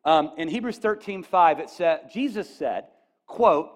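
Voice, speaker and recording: Animated high-voiced preacher man. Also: a little slow. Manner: animated, rising to near-shouts on quoted lines; folksy asides, addresses audience with "okay?". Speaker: pastor. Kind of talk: sermon.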